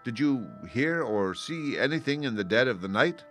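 A man voicing a huge, scheming male Welsh giant who talks slowly and menacingly and stammers when caught off guard. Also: expressive, a bit bright, soft background music, lightly acted. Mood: flustered. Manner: slow and menacing, then high and stammering.

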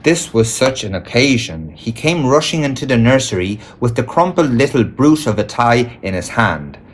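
A man reading a storybook aloud in an expressive storytelling manner. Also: mid-range voice, normal speed, slight background noise. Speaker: audiobook reader. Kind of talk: read-aloud storybook narration.

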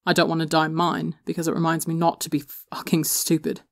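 A woman voicing a young man, a soft-spoken older brother who teases gently. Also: deep voice, monotone, fairly quick, vocal fry, no echo, studio quality. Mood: gentle.

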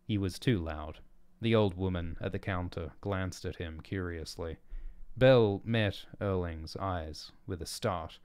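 A man reading his own story aloud as narrator, in measured, descriptive narration. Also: low voice, darkish tone, smooth, dry recording. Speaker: author and narrator.

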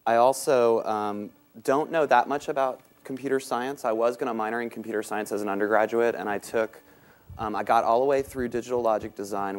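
A man with a Southern US accent giving a conference talk on business topics. He speaks quickly with many "um"s and pokes fun at himself. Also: on the low side. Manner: self-deprecating, quick, many ums. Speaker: panel speaker. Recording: talk recorded in a meeting room.

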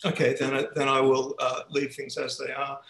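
A man's voice: medium pitch, monotone, normal speed, vocal fry, a bit bright, echoey room, poor audio. A man giving an academic seminar talk over a video call, speaking hesitantly with many restarts. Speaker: guest speaker. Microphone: computer mic on a video call.

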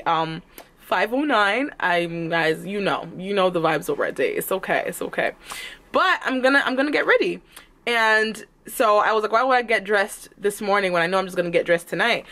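A woman's voice: mid-range voice, a bit bright. A young woman chatting casually to camera in a vlog while she is feeling sick. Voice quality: playful, chatty. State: sick, congested. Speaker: vlogger.

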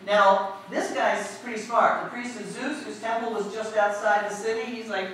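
A woman preacher giving a lively storytelling sermon, asking the congregation questions as she goes. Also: medium pitch, moderate pace, hardly any pauses. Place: church. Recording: echoey hall, distant mic, faint noise.

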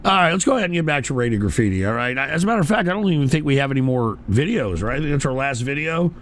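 A man hosting a show, yelling and cursing in an angry rant and then muttering quickly. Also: medium pitch, very animated. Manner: yells and curses, then mutters fast. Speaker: show host.

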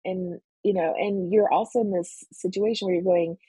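A woman's voice: lowish voice, steady tone, normal speed, hardly any pauses, warm tone, breathy edge, no echo, low-quality recording. A woman in her forties telling her story as a cancer patient in an interview, earnest and emotional, with frequent restarts. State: emotional, near tears.

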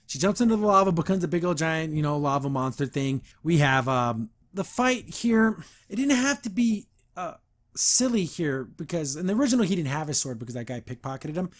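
A man's voice: on the high side, expressive, brisk. A man hosting a podcast, casually recapping and reacting to a cartoon episode in a sarcastic, exasperated way, often laughing. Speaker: podcast host reviewing a cartoon.

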